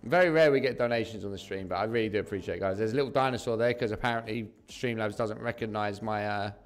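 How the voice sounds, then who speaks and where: A man's voice: lowish voice, quick pace, soft background music. A young English man from southeast England, chatting casually with viewers on a slots live stream and calling them mate and bro.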